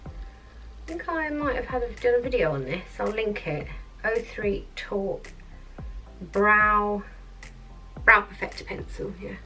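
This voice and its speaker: A woman vlogger chatting in a rambling way through a makeup tutorial at her office, sometimes dropping to soft murmurs. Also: a little high, very animated, measured pace. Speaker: beauty vlogger. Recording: mic at a distance, faint background music.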